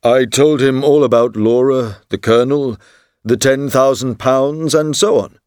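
A man doing a relaxed, teasing painter. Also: mid-range voice, measured pace, smooth, no echo, clean studio sound, lightly acted. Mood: amused.

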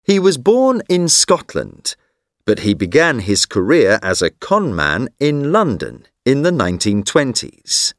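Slow, expressive male textbook narrator. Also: medium pitch, no echo, clean studio sound. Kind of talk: scripted narration for a textbook exercise.

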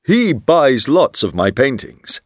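A relaxed painter with an easy, teasing manner, voiced slowly in a storybook by a man reading all the parts. His lines move freely up and down in a dry, close recording. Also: medium pitch, no room sound. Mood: amused.

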